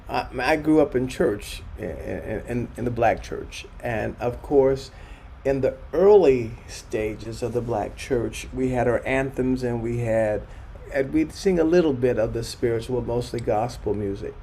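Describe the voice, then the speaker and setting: Older man, gravelly storytelling voice. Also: mid-range voice, a little slow, dark tone, slight background noise. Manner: reflective, frequent restarts, acts out quoted voices. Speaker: choral conductor speaking at a forum. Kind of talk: anecdotal storytelling talk.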